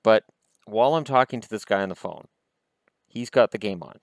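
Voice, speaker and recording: A Canadian man in his thirties talks casually about hockey, reading bits aloud and cutting in with dry, sarcastic comments. His voice sits low and sounds smooth and resonant. The recording is close and dry, with no room sound. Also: a little fast, no room sound. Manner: sarcastic, adds snide asides to what he reads. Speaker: hockey vlog host.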